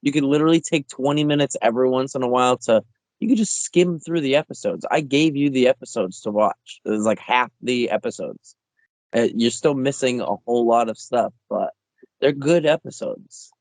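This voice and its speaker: A man's voice: mid-range voice, normal speed, darkish tone, dry recording. A man co-hosting a podcast, talking bluntly and with mock sternness. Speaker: podcast co-host. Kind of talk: casual chat.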